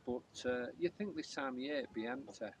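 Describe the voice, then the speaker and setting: A man's voice: mid-range voice, a little fast, far from the mic, background noise. A middle-aged man, chatting in an easygoing way as a motorhome travel vlogger. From England. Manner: easygoing, hesitant with fillers. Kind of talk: casual chat.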